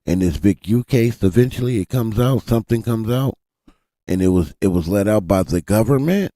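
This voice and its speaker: A man's voice: fairly low pitch, normal speed, dry recording, clean studio sound. A man hosting a live stream, talking animatedly to his chat in a casual, profane way. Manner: animated, swears freely, addresses chat directly. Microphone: desk mic.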